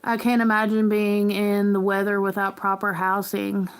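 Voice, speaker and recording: A woman hosting a casual livestream, talking in an earnest, rambling, halting way as a parent. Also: medium pitch, completely flat delivery, clear, resonant tone. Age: adult parent. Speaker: livestream host.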